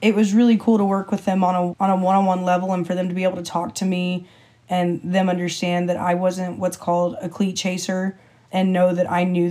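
A young woman co-hosting a podcast, chatting casually and telling stories, acting out the people she quotes. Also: on the low side. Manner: animated storyteller, acts out quotes with a lifted voice. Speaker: podcast co-host. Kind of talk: casual storytelling chat.

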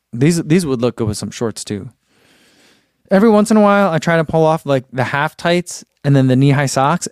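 A man's voice: mid-range voice, darkish tone, clear, resonant tone, dry recording, studio quality. A man reviewing running gear in a casual live chat, musing aloud with fillers and reading out viewer comments.

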